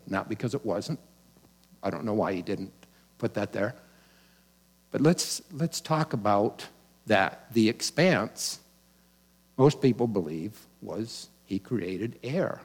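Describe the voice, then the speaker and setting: A man's voice: on the low side, slightly rough. A man pastor delivering a sermon in a conversational, teaching manner, with casual asides and restarts.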